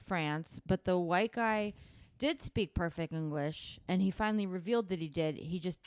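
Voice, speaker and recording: A woman's voice: fairly low pitch, normal speed, smooth, no room sound. A woman co-hosting a podcast, casually and animatedly retelling a plot. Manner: animated retelling, acts out lines. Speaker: podcast co-host. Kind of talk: casual chat.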